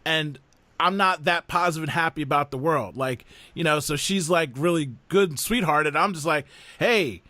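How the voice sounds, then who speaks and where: A man's voice: a little high, moderate pace, dry recording. A man in casual podcast chat, telling family stories and acting out other people's voices as he goes. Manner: animated storyteller who acts out the voices of others. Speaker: podcast host and father.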